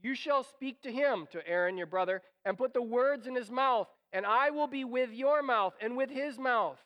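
A man preaching a sermon as pastor, animated and acting out quoted lines, sometimes dropping to a near whisper. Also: very high-pitched, normal speed, highs cut off.

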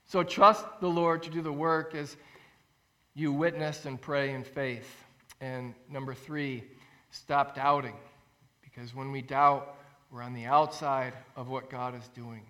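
A man preaching a sermon as pastor, earnest and animated, acting out quotes and repeating phrases for emphasis. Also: on the high side, unhurried. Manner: animated storytelling, acts out quotes with rising voice.

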